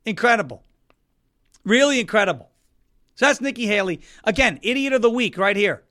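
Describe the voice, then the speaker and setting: A man's voice: very high voice, expressive, normal speed, sharp tone. A man hosting a political talk show, in a sarcastic and mocking style, often slipping into put-on quotes. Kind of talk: animated political commentary.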